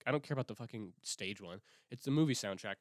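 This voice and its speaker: A man's voice: lowish voice, fast talker, dry recording, studio quality. A young man hosting a podcast, talking in a rambling, profane, self-interrupting way with many restarts. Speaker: podcast host. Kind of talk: casual rambling monologue.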